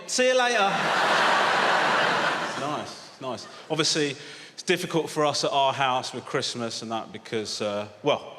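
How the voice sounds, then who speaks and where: A deadpan man, grumbling through a stand-up set and slipping into other people's voices. His voice sits a bit high and rings out through a big theatre's long reverb. Loud crowd noise runs under him. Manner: deadpan, mock-grumpy, acts out voices. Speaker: stand-up comedian. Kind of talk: stand-up routine. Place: large theatre on stage. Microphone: handheld stage mic.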